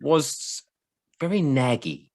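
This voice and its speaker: English man, lively, joking podcast co-host. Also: medium pitch, slow. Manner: rambling, jokey, with animated asides. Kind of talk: casual chat.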